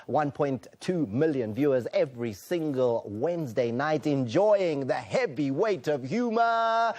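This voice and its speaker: A man's voice: a little high, expressive, unhurried, a little mellow. A man presenting a sports show in the studio, leading a panel chat and playfully teasing his guests.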